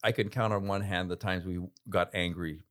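A man's voice: low-pitched, steady tone, moderate pace, a bit bright, clear, resonant tone. A man guest telling stories in a casual interview, laughing often, repeating himself and teasing. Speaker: former player, guest.

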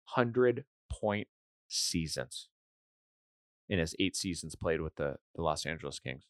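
A man's voice: fairly low pitch, no room sound, studio quality. A man hosting a casual hockey podcast, an enthusiastic fan who rambles and restarts his sentences. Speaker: podcast host.

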